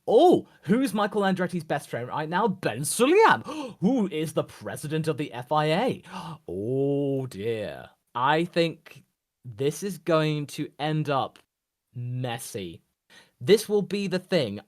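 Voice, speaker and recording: A man co-hosting a casual podcast, animated and theatrical, acting out imagined reactions. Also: fairly high pitch. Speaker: podcast co-host.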